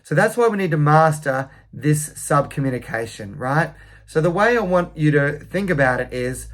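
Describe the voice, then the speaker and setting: A man's voice: on the high side, a bit bright. A man, a sales coach, giving an emphatic motivational talk to the camera, often correcting himself and adding "right?" tags.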